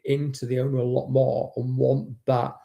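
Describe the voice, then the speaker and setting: A man's voice: mid-range voice, monotone, moderate pace, gravelly, dull audio. A man hosting a live stream as a dog trainer. He talks casually and bluntly, swears now and then, and greets chat viewers by name.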